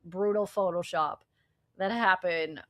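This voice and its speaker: A woman co-hosting a sports podcast in lively, casual chat, laughing easily. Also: fairly low pitch, unhurried, dry recording. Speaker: podcast co-host.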